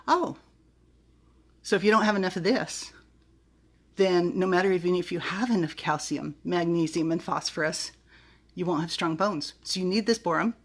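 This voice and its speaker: A woman's voice: lowish voice, husky. Bubbly, chatty woman vlogger. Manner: bubbly, chatty, giggly, stumbles over words. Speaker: vlogger reviewing vitamins. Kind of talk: casual talk to camera.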